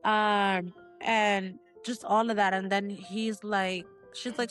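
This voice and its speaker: A woman in a casual book club chat, recapping scenes and acting out characters' lines in loose slang. Her voice sits at an ordinary pitch, with faint music behind her. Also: little pitch movement, slow pace, a bit bright. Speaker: book club podcast co-host. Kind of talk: casual chat, retelling the plot.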